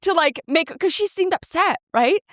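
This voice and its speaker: A woman's voice: very high-pitched, lively intonation, moderate pace, dry recording, clean studio sound. A woman co-hosting a podcast, telling a rambling, self-mocking story in casual chat and quoting herself and others. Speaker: podcast co-host.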